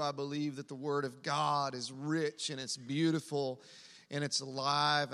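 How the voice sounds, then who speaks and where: A man's voice: fairly high pitch, sharp tone, clear, resonant tone. A man preaching a sermon as pastor, telling a family story in an earnest, conversational way. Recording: long hall reverb.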